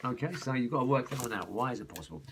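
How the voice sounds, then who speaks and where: A man's voice: mid-range voice, animated, rapid-fire, fairly bright tone. A man chatting casually to his viewers in a rambling vlog, calling them folks. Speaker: vlogger. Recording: background noise.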